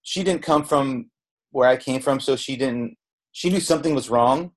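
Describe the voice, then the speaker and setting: This is a middle-aged chef from Southern California, guesting on a podcast and candidly rambling through a story with restarts and quoted lines. His voice is medium-pitched at an ordinary pace. The casual interview is captured with a podcast mic.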